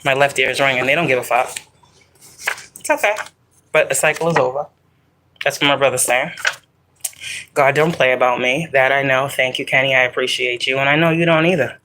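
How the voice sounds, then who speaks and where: A woman's voice: very deep voice, fairly even intonation, a little fast, long pauses, a bit bright, a little hiss or hum, rough recording. A woman doing a psychic tarot reading for her viewers in a casual, rambling way, swearing often and pressing her points hard. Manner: profane, rambling, emphatic.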